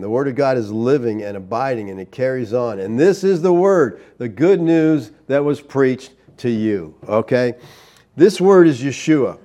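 A man's voice: medium pitch, dark tone, echoey room. Male pastor, conversational teacher, plain-spoken delivery. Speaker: pastor leading a Bible study. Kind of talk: teaching sermon with group discussion.

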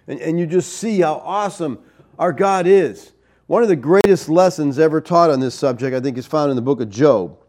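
A man preaching a sermon in an animated way, with rhetorical asides to the congregation. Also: fairly high pitch, normal speed. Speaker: pastor.

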